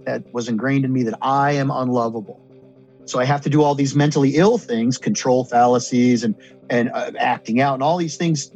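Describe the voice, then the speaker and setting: A man's voice: fairly high pitch, a little mellow, lo-fi sound. A man talking earnestly and at length about therapy and recovery, with many restarts and repetitions. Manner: earnest, rambling, repeats and restarts. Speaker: guest. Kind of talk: candid conversation about recovery.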